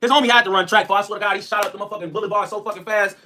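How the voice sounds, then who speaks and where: Fast, high-energy streamer man. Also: slight background noise. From Chicago. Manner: loud, excitable, trash-talking, heavy slang. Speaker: livestream host. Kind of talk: casual livestream storytelling.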